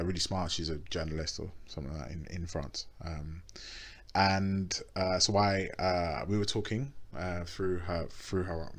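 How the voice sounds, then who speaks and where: A man hosting a casual podcast chat, telling a story in a rambling way with many restarts, swearing and laughing as he goes. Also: deep voice. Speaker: podcast host.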